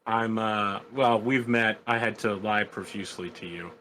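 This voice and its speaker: A man's voice: lowish voice, steady tone, normal speed, sharp tone, slight background noise, rough recording. A man playing a blunt businesslike adventurer. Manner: straightforward questioning.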